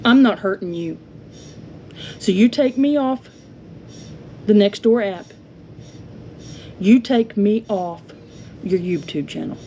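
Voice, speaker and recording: A woman's voice: medium pitch, slow pace, long pauses, warm tone. A woman angrily venting at a neighbor, indignant and confrontational, in a home vlog. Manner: indignant, confrontational, rhetorical questions. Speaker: homestead vlogger. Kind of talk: angry venting monologue. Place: home with yard being mowed. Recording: dull lo-fi audio with faint noise.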